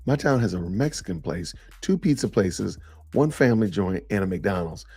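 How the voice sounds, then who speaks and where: A man's voice: low-pitched, lively intonation, normal speed, a little mellow, husky, faint music behind. A middle-aged man hosting a casual live-stream podcast, chatting loosely and reacting to viewer comments. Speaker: podcast host.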